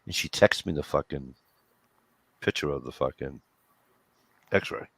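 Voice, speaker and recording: A man casually telling a story among friends, profane and animated, acting out what everyone said. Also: rumbling low, a little slow, vocal fry, breathy edge, no echo. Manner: profane, animated storyteller who acts out quotes. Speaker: host.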